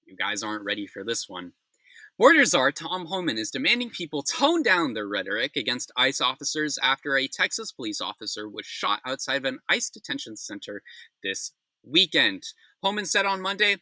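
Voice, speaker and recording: A young man hosts a news recap in a sharp, bright voice, reading headlines before tearing into them with furious, swearing outbursts. His pitch rides up and down with emotion, and the sound is dry and close. He keeps stopping to apologize for his language. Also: dry recording. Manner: angry, ranting with heavy swearing; apologetic asides between rants. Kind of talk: opinionated news commentary.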